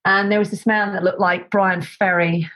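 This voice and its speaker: A woman telling lively anecdotes as an interview guest, acting out other people's voices with lots of fillers and restarts. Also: mid-range voice, normal speed, rough recording. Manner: animated, acts out quoted voices, many fillers and restarts. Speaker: guest, set decorator. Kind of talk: casual anecdotal storytelling.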